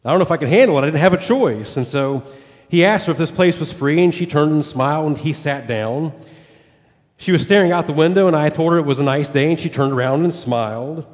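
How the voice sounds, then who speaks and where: A man's voice: fairly high pitch, fairly quick, in a large hall. A pastor telling a story in a sermon, voicing quoted dialogue as he goes. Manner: retells a story with quoted dialogue, rising and falling with it.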